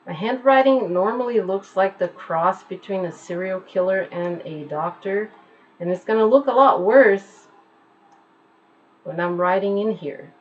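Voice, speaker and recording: Slow, patient woman teaching pronunciation. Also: mid-range voice, muffled recording. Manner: slow, patient, repeats words to demonstrate sounds. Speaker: English teacher. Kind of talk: online pronunciation lesson. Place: at home.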